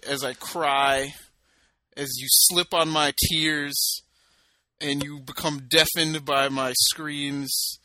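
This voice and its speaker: A man's voice: a little high, bright, forceful tone, slight background noise. A man co-hosting a casual podcast, telling self-mocking stories with lots of "you know" fillers. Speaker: podcast co-host. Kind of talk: casual chat.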